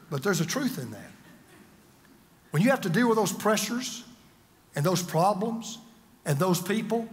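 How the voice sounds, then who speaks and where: An older man preaching a sermon as a pastor, dramatic, swinging from loud to hushed. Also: a little high, long reverb tail.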